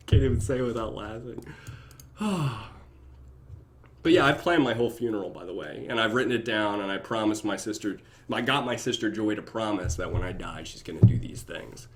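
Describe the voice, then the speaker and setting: A young man hanging out on a casual live stream, talking straight to his viewers. His voice stays around a middle pitch but shoots up into squeaky, laughing bits when a joke gets him going. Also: moderate pace. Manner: animated, laughing often, shifting into goofy high voices. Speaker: YouTube reactor.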